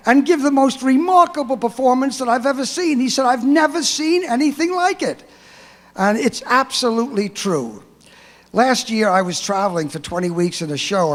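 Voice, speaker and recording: A man giving an earnest, admiring speech from an auditorium stage. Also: extremely high pitch. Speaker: speaker at a tribute. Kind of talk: speech, anecdote. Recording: reverberant auditorium.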